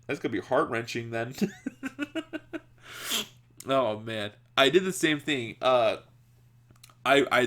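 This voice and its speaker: Man, podcast host, unhurried, rambling, giggly, casual storytelling. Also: mid-range voice, a bit bright. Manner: rambling, laughs often, many restarts and "like" fillers.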